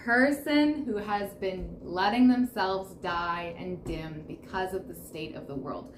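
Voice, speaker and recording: A woman's voice: mid-range voice, animated, takes it slowly. A woman reading tarot to camera, speaking in a soothing, reassuring way and repeating affirmations. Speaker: tarot reader. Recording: roomy echo with faint background noise.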